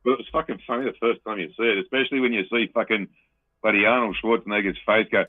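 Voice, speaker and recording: A man rambles through a casual podcast chat, swearing freely. His voice is fairly low. It comes through a dry, tinny line that sounds like a phone. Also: fast, dry recording. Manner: swears a lot, rambling, animated. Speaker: podcast co-host.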